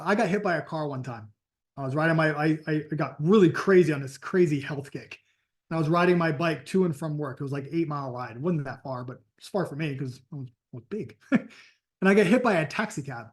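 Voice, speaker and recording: Casting: man, sales coach, emphatic storyteller, voice sitting a bit high. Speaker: sales and network marketing coach. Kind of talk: motivational training talk.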